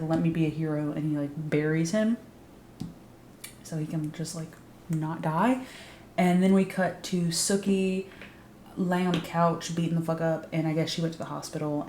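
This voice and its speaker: In an echoey room with slight background noise, a woman with a low, warm voice recaps a TV show for her YouTube channel. Her take is casual and sarcastic, full of free swearing and constant "like" fillers.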